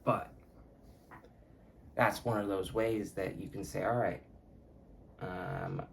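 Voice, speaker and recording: A man's voice: lowish voice, steady tone, takes it slowly, slight background noise. A man hosting his own podcast, talking casually in a rambling, profane way that often corrects itself. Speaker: podcast host. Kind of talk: casual solo podcast talk.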